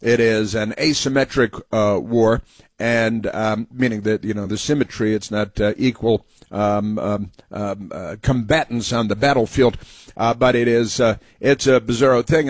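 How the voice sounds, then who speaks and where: Sarcastic guy doing a talk show monologue, middle pitch, dead dry close sound. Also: no echo. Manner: sarcastic, mocking. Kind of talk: political commentary monologue.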